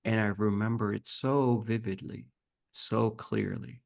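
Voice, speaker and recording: A podcast guest, a man, tells a reflective personal story with earnest feeling, growing animated as he acts out the dialogue. His fairly low voice moves a little slowly and carries vocal fry.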